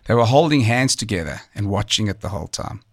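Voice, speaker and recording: A man with a fairly low voice narrates a true story documentary-style. He talks in a measured, conversational way, now and then pausing on a filler or restarting a phrase. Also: expressive, breathy edge. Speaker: storyteller recounting a true survival tale. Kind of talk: documentary narration, partly off the cuff.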